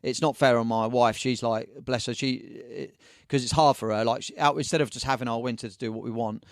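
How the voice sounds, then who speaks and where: A man chats as a podcast guest, rattling off slangy, animated stories. He talks at a quick clip in a mid-range voice. The sound is dry and close. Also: mid-range voice, no room sound. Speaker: surf shop owner and magazine editor, guest. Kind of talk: casual podcast chat.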